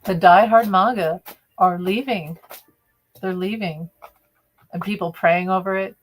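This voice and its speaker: Reading tarot on a live stream, a woman talks unhurriedly at medium pitch with fairly even intonation. Her delivery is chatty and opinionated, and she frequently starts her sentences over.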